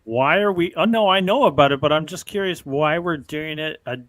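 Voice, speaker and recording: A man's voice: fairly high pitch, brisk, a bit bright, no room sound. A man from Minnesota co-hosting a casual sports fan show, making dry wry jokes. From American Midwest, Minnesota. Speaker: co-host.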